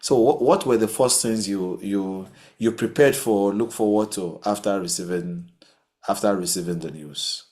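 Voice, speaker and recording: A man hosting a podcast, interviewing a guest with brief affirmations and measured questions. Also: on the low side, darkish tone. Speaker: podcast host.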